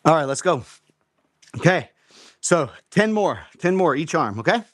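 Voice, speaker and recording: A man's voice: a little high, very animated, unhurried, a bit bright, dry recording, studio quality. A man hosting a live home workout, explaining form and counting reps aloud in an encouraging way. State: slightly out of breath. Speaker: fitness host.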